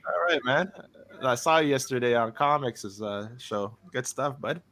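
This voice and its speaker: A man from Montreal hosting a casual live stream chat, jokey and quick to laugh. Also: medium pitch, lively intonation, a bit bright. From Montreal, Canada. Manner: laughs often, jokey, slips into accents.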